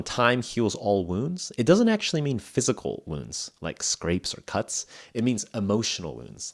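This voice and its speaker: A young man hosting an English lesson podcast, explaining phrases in a relaxed, chatty way with acted examples. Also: on the low side. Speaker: English podcast host and teacher. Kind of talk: casual spoken English lesson.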